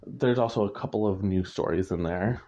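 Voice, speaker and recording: An author chats casually about his writing, rambling, correcting himself, and chuckling often. His low-pitched voice has a dark tone and a fairly quick pace, heard on a muffled lo-fi recording with a little hiss or hum.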